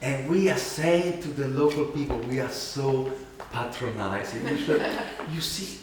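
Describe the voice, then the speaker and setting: A man with an Italian accent telling an animated, self-mocking story as a keynote speaker. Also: mid-range voice, unhurried, far from the mic. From Italy. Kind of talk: storytelling talk. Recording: echoey hall, mic from afar.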